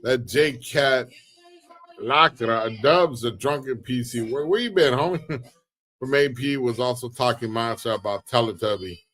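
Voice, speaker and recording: A relaxed man runs a casual livestream, answering chat in a laid-back drawl packed with street slang. His voice sits at an ordinary middle pitch and stays easygoing throughout. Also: measured pace. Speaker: livestream host reading chat.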